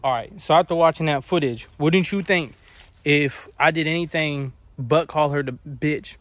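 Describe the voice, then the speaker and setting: A young man telling a casual storytime about his own life, animated and acting out the people he quotes. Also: on the high side, moderate pace, no echo. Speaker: vlogger.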